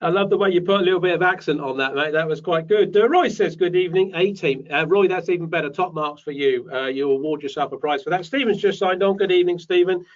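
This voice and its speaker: Brief: British male host, chatty and upbeat, higher voice, recorded off-mic and dull. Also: fast, few pauses, recorded from a distance. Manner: chatty, reads out viewer names. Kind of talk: live webinar chat.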